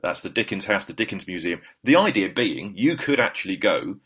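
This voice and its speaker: Husky, fast-talking podcast host. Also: male voice, low-pitched, expressive, fairly bright tone. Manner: rambling and anecdotal, with self-corrections. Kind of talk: casual chat.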